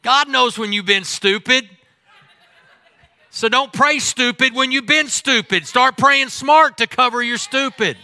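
A man preaching a humorous sermon as pastor, animated, swinging between loud exclamations and quiet asides. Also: very high voice, measured pace, no echo.

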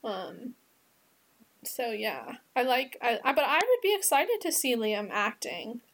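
Woman podcast co-host, higher pitch, relaxed rambling chat style. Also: a little slow. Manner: chatty, many fillers. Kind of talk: casual chat.

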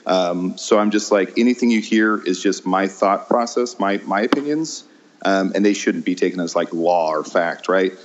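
Man, low-ish voice, halting with ums, dull lo-fi recording; self-deprecating guest. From American Midwest. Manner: hesitant, many ums, laughs at himself. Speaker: improv teacher and guest. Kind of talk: casual interview chat. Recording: dull lo-fi sound.

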